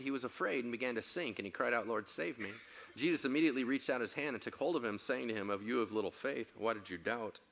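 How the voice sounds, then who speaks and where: A male pastor preaching a sermon, telling stories animatedly, acting out quotes and building to loud excited passages. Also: medium pitch, highs cut off.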